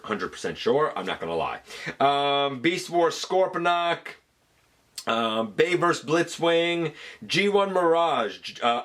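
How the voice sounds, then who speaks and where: Lively chatty man hosting a countdown. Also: mid-range voice. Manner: chatty, hedging, many fillers. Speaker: channel host. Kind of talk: casual countdown commentary.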